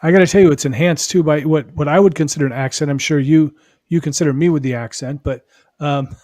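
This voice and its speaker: A man's voice: a little high, fast talker, a little mellow, no room sound, studio quality. A male host with a Californian accent chatting casually on a live stream, laughing easily and often restarting his sentences.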